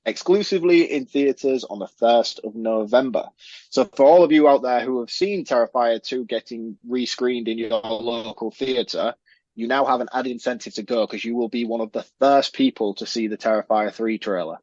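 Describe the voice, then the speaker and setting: A man's voice: mid-range voice, moderate pace, a little mellow, no echo, dull audio. A man co-hosting a horror film podcast in casual chat, laughing at himself as he rambles. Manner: laughs at himself, fumbling attempts at an accent. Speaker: podcast co-host.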